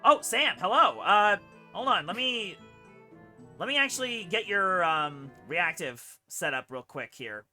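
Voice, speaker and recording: A man's voice: sits high, expressive, a little slow, sharp tone, soft background music. A man hosting a live stream, chatting casually with friends and viewers. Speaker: streamer host.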